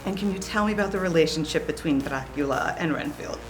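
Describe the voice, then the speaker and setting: Bubbly female reporter, mid pitch, casual questions, music bed underneath. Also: fast. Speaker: entertainment reporter, host. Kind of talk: press junket interview.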